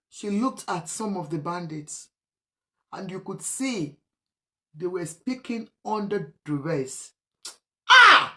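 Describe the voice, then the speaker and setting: A woman with a Nigerian accent giving emotional video commentary, pleading and at times shouting. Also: mid-range voice. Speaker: online commentator.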